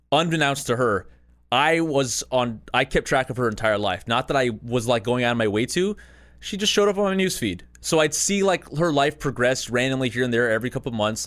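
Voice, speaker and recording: Casting: thirties male podcast host, casual anecdote, loose and profane, laughs at himself, mid-range voice. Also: medium pitch. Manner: rambling, profane, self-mocking anecdotes with laughter. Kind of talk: casual storytelling.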